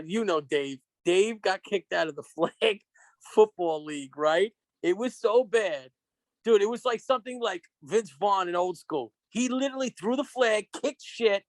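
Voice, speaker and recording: A man's voice: high-pitched, no room sound. A man co-hosting a podcast, telling profane stories in casual chat and laughing often. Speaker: podcast co-host.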